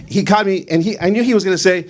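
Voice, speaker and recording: A man in his fifties doing a stand-up comedy set on a club stage, rambling in a deadpan way with lots of fillers. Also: high voice, quick pace. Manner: rambling, deadpan delivery with frequent fillers, breaks into shouted Spanish quotes.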